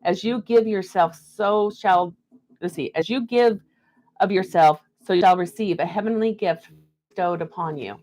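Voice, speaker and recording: A woman's voice: medium pitch, moderate pace, a little mellow. A woman hosting a live stream card reading, chatting and laughing between the messages she reads aloud. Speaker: card reader.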